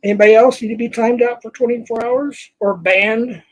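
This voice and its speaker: A man's voice: very high voice, fairly even intonation, rough recording. Heated older man scolding his stream chat. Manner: heated, scolding, halting restarts. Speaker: livestream host. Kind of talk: angry livestream rant to chat.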